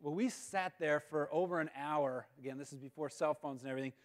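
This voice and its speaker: A man giving a guest talk at a school, telling a funny personal story in an animated, self-mocking way. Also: a little high, quick pace. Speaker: guest speaker. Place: school auditorium. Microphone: live-stream mic.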